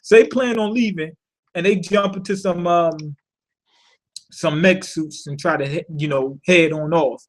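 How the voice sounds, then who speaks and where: A man's voice: on the high side, measured pace. A man recapping and reviewing a cartoon episode in a loose, casual way, swearing freely, full of slang and fillers, often asking rhetorical questions. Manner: animated, thinks aloud with rhetorical questions.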